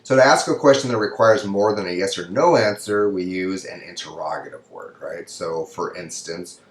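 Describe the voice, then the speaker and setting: A man teaching Spanish grammar in a recorded video lecture, speaking slowly and carefully and drawing out example sentences. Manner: slow and careful, drawing out example sentences to show rising pitch. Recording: echoey room.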